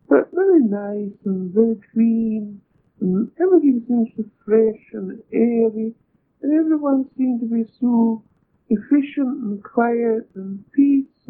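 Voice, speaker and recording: An older woman with a Scottish accent, gently recounting a personal story in a wondering, quietly emotional way. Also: on the high side. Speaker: interviewee. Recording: tinny lo-fi tape with faint hiss.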